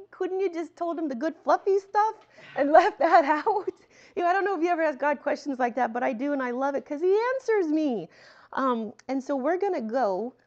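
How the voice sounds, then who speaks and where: A woman teaching a sermon in a conversational way, reading scripture aloud and breaking into animated asides. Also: on the high side. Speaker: Bible teacher. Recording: muffled lo-fi sound.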